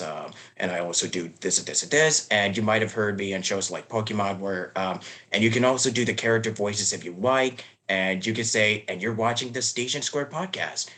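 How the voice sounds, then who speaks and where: Bright upbeat male podcast host. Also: lowish voice. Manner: upbeat, loose, filler-heavy. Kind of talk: casual podcast chat.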